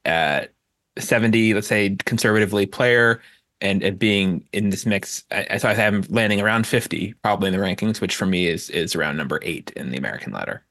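A man appearing as a guest on a sports podcast, giving his opinions in a measured way with frequent restarts. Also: lowish voice, fairly bright tone, dry recording, clean studio sound. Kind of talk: casual sports podcast chat.

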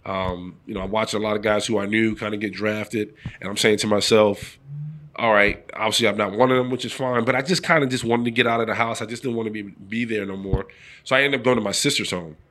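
A middle-aged man with a fairly low voice tells a long story in a relaxed interview. He acts out the people in it, pushing his voice up into their lines. He talks the easy, unscripted way of a former pro athlete being interviewed. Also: quick pace. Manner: animated storyteller acting out quoted voices. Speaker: former pro football player, guest.

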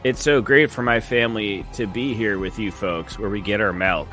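A man's voice: lowish voice, moderate pace, soft background music, voice pushed down. A man doing a bland, folksy Midwestern coach. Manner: flat, folksy drawl. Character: bland Midwestern football coach at a press conference.

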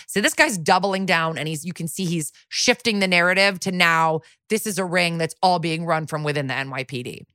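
A woman's voice: low-pitched, a little fast, few pauses, no room sound, studio quality. A woman co-hosting a podcast, chatting her way through a TV episode recap and acting out the characters' lines as she goes. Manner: chatty, animated, acts out characters' lines while retelling. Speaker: podcast co-host.

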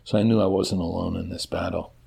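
A middle-aged man who teaches, talking as an interview guest in a halting way that often repeats words. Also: sits low, fairly even intonation, gravelly, dark tone, breathy edge. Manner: halting, repeats words, self-deprecating laughs. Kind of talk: conversational interview.

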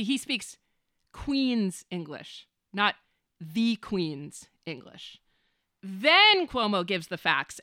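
A woman's voice: mid-range voice, sharp tone, clean tone, dry recording, clean studio sound. A woman hosting a podcast, talking in a wry, self-deprecating and opinionated way from a small room at home. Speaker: podcast host. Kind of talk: conversational commentary.

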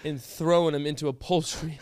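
A young man co-hosting a podcast, reacting loudly and teasing his friend. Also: fairly high pitch, fairly even intonation, brisk, clear, resonant tone, no room sound, clean studio sound. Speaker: podcast co-host. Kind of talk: casual chat.

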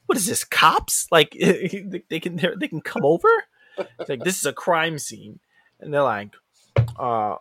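At a moderate pace and with a slightly rough voice, this man co-hosts a podcast, recapping wrestling storylines in a relaxed, animated way. His acted-out quotes come with big leaps in pitch, and the clean studio sound has no echo.

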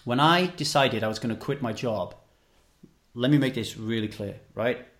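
A man's voice: mid-range voice, moderate pace, a bit bright. A man from the UK telling a personal story with intensity, swearing freely and repeating himself as he talks. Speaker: podcast guest.

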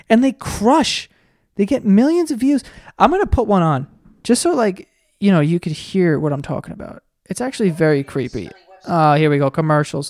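A man's voice: high-pitched, animated, moderate pace, darkish tone, no echo. A man hosting a podcast, chatting casually in a profane, rambling, sarcastic way while he searches online. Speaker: podcast host. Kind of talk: casual comedic rant.

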